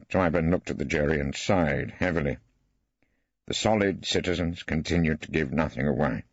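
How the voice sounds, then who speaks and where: Husky male audiobook narrator. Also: rumbling low, animated, normal speed, no room sound. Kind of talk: first-person scripted narration. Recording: dry, slightly dull studio.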